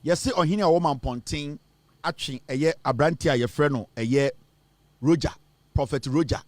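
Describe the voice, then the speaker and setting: A man's voice: fairly high pitch, moderate pace, dry recording. Emphatic Ghanaian man, dry close sound. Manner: switches between Twi and English, emphatic and scornful. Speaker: commentator. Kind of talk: impassioned political commentary.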